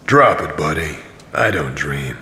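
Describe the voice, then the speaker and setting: A man's voice: extremely low pitch, animated, sharp tone, slight background noise, heavily acted. A man narrating an audio drama as a tired, cynical wandering pilgrim. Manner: dry, tired, slow narration. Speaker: narrator and main character.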